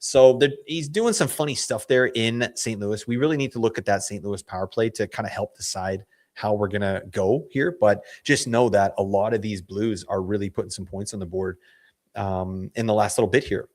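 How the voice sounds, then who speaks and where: A man hosting a fantasy hockey show, hoarse from losing his voice, chatting casually in a rambling, self-correcting way full of slang. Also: fairly low pitch, normal speed, a little mellow. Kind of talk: casual analysis chat.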